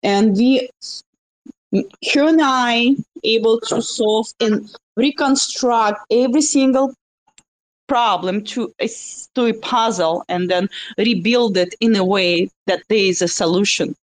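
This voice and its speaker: A shady startup founder with a thick Russian accent, as a woman puts her on, rambling through promises with plenty of stumbles. The voice sits a little high for a woman. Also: low-quality recording. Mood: smug. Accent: put-on Russian. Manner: rambling, halting, overpromising pitch. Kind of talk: improvised comedy role-play in a live audio chat.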